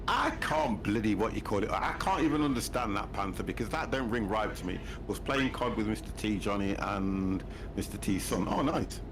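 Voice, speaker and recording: A man's voice: lowish voice, animated, normal speed, hardly any pauses. A man in his fifties chatting casually as host of a gaming stream, teasing and laughing often. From United Kingdom. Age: 50s. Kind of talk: casual chat while gaming. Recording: noisy game-stream audio.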